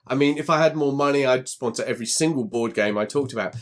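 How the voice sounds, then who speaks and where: A man's voice: mid-range voice, quick pace. A man co-hosting a casual podcast chat with a grumbling, self-deprecating streak. He swears freely and talks in a loose, everyday way. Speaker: podcast co-host.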